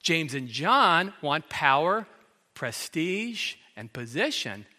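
A man's voice: fairly high pitch, sing-song, slow pace, bright, forceful tone. A middle-aged man preaching a sermon, telling the story dramatically and acting out the quoted lines. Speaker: pastor. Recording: long hall reverb.

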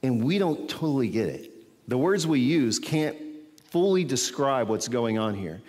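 A man's voice: mid-range voice, very animated, a little slow, darkish tone, long reverb tail. A man preaching a sermon as a pastor, teaching from scripture in a conversational way and often checking in with his listeners.

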